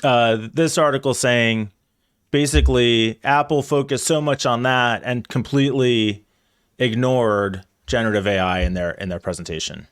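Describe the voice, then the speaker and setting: A man's voice: medium pitch, moderate pace, clean tone, no room sound. A man co-hosting a casual tech podcast, walking through news stories with dry, teasing banter. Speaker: podcast co-host. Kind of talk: casual chat.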